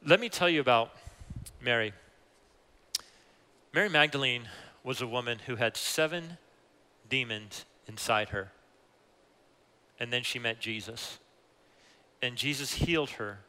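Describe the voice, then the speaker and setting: A man preaching a sermon with animated emphasis, often rising to exclamations. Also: mid-range voice, measured pace, pauses often. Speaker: pastor. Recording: long hall reverb.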